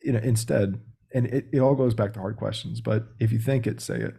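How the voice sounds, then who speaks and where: A man's voice: fairly low pitch, fairly even intonation, fast talker, creaky, warm tone, slightly rough. A man speaking as a guest on a podcast interview, blunt and direct in a casual way. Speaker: sales coach guest.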